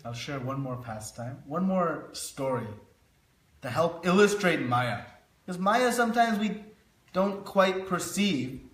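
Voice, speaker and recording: Man giving a devotional class, high voice, slow storytelling, roomy echo. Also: animated, fairly bright tone. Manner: storytelling, illustrative. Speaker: speaker teaching a scripture class.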